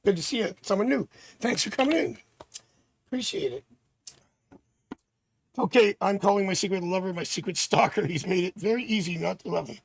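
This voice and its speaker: A man from Canada hosting a live tarot stream, chatting with viewers and thinking out loud as he reads cards. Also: high-pitched, brisk, creaky, long pauses, slightly rough, no room sound. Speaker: tarot reader and livestream host.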